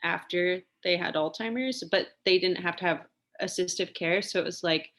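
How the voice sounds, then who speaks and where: Woman, young adult, lowish pitch, chatty, laughing, casual interview guest. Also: moderate pace, a bit bright. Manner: chatty, laughs often, lots of fillers. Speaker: interview guest, singer and lawyer.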